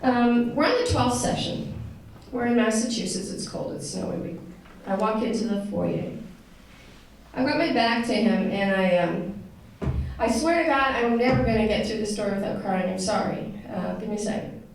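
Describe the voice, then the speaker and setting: Woman, warm conversational storyteller with lots of fillers, picked up from afar in a reverberant hall. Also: fairly high pitch, normal speed. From United States. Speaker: speaker telling a personal story to an audience. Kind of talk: personal storytelling talk. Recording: echoey room, voice picked up from a distance with some noise.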